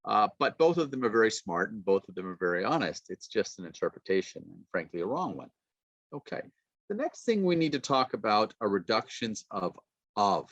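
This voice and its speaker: A man teaching a pronunciation lesson, modeling phrases slowly and repeating sounds. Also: lowish voice, very animated, fairly bright tone, dry recording, lo-fi sound. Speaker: university lecturer.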